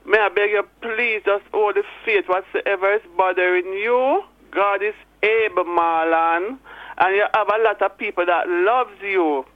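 A hoarse woman with a Jamaican accent calling in to a radio show, pleading earnestly and encouraging someone. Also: medium pitch, measured pace, dry recording. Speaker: caller. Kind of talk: radio call-in. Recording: tinny phone line, dry.

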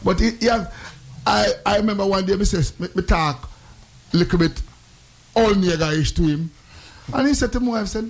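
A man with a Jamaican accent hosting a playful, loud chat, speaking in patois. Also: high voice, moderate pace. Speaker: host. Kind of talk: casual promo chat.

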